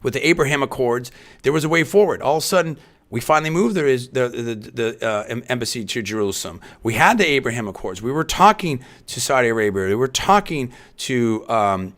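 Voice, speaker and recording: Bright-voiced male talk radio host. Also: mid-range voice, expressive, fairly quick. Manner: rambling, with frequent restarts and hedges; emphatic, punching key phrases louder. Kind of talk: live talk radio monologue.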